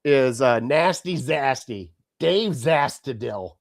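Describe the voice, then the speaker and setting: A man co-hosting a casual sports podcast, relaxed and chummy with his co-host. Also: mid-range voice, slow pace, gravelly, dry recording, studio quality. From Cleveland, Ohio area.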